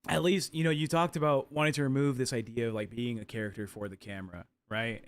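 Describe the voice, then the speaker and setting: A man's voice: mid-range voice, fairly even intonation, quick pace, few pauses. A man co-hosting a livestream, chiming in with wry jokes and comments. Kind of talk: casual livestream chat.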